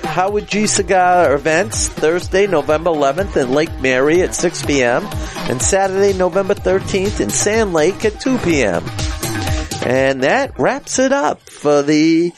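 A man in his sixties co-hosting a casual chat show, reading out shout-outs in a jokey, rambling way and stumbling over place names. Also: on the high side, expressive, a little slow, over music. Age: 60s. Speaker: podcast co-host.

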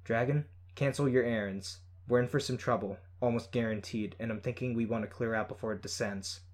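A man's voice: medium pitch, fairly even intonation, brisk, close to an everyday voice. A man voicing a firm, commanding female team leader. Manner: firm, tight.

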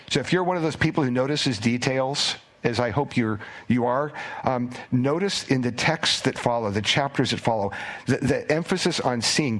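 Man preaching with lively storytelling. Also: mid-range voice. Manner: animated storytelling, acts out voices. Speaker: pastor. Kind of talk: sermon.

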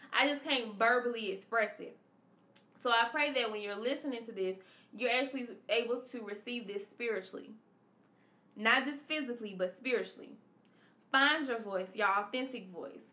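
A woman's voice: a little high, sharp tone, reverberant. A woman hosting a confessional podcast, speaking emphatically and repeating her points in a preacherly way. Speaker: podcast host. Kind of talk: personal confessional podcast monologue.

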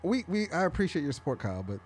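A man with a typical American accent co-hosting a podcast in a home garage, joking around in an animated, laugh-prone casual chat. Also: on the high side, husky. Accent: General American. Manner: animated, quick to laugh and joke. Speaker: podcast co-host.

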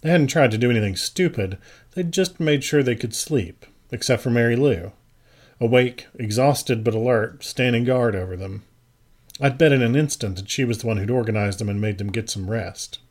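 A man narrating a first-person story in a measured, even audiobook reading. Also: medium pitch.

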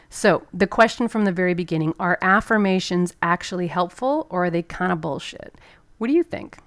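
A woman telling a personal story to make a motivational point, candid and animated, with casual swearing. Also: on the low side, dry recording. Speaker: motivational speaker. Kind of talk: personal story told to an audience.

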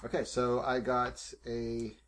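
A man's voice: mid-range voice, completely flat delivery, slow, fairly bright tone, slight background noise. A man playing a tabletop game, making playful asides and asking about the rules. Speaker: player. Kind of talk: casual tabletop play.

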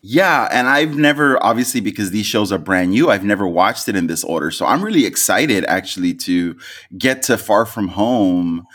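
A man with a fairly low voice co-hosts a podcast in easy casual chat. He rambles, backs up to correct himself and leans on fillers as he works through his thoughts. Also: animated, moderate pace, a bit bright. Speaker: podcast co-host.

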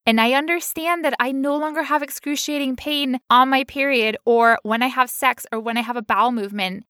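A woman's voice: sits high, steady tone, brisk, a bit bright, no echo, clean studio sound. A young woman co-hosting a podcast, talking candidly and emotionally, with frequent laughs. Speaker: podcast co-host. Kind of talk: personal, emotional podcast talk.

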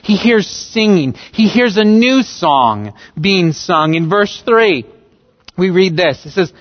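A man preaching a sermon as pastor, delivering it emphatically and rising in pitch and volume on key words. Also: lively intonation, takes it slowly. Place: church sanctuary. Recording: dull livestream audio in a reverberant hall.

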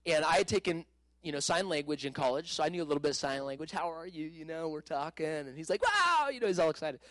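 Man, higher voice, dry close sound, animated casual testimony with laughs and restarts. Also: quick pace, no echo, poor audio. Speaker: speaker telling a personal testimony.

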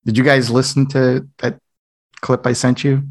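A man's voice: mid-range voice, flat delivery, normal speed, no echo, clean studio sound. A man co-hosting a casual film podcast, opinionated and rambling. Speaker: podcast co-host. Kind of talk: casual chat about films.

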